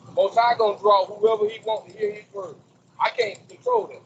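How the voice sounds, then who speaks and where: High, gravelly-voiced street preacher man. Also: big pitch swings, fairly quick, a bit bright, muffled recording, slight background noise. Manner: emphatic, quoting scripture, rhetorical questions. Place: outdoors in front of a store. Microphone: phone recording a video.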